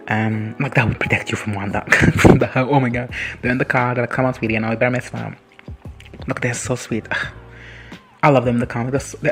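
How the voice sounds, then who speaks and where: Recapping a TV episode with plenty of sass, this reaction video host rambles, swears freely and laughs often. His voice is mid-range and creaky.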